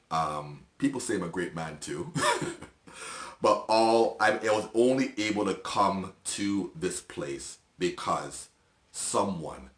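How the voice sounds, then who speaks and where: A middle-aged man sharing his personal testimony in an earnest, halting, emotional way, with restarts and soft laughs. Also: low voice, reverberant. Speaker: video host.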